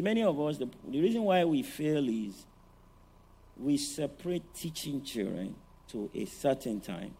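Guy preaching a parenting sermon, lively, keeps asking "all right?", mid pitch. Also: vocal fry, slightly rough. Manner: animated, rhetorical, often asks "all right?".

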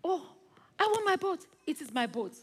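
A woman's voice: very high-pitched, sing-song, moderate pace, voice pushed up. A woman voicing an eager ten-year-old boy in a spoken story, bursting with joy over his toy boat. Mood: pleading.

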